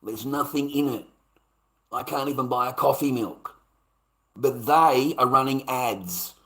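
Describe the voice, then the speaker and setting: A man's voice: medium pitch, measured pace, a bit bright. A man hosting his own channel, ranting on a livestream in a confrontational, sarcastic way, swearing and repeating himself. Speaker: channel host. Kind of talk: livestream rant.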